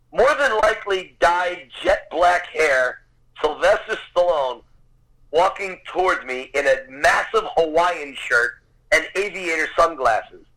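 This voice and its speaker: A man's voice: on the high side, bright, forceful tone, low-quality recording. A man in his fifties, a podcast guest telling a vivid personal story, swearing casually as he goes. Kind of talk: animated anecdote telling.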